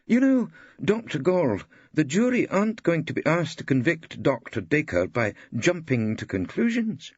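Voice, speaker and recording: A man voicing a courteous, elderly judge who speaks slowly and earnestly from the bench. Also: on the high side, very animated, breathy edge, no room sound, voice pushed up, heavily acted. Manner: slow, courteous, shocked. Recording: dull dry studio audiobook.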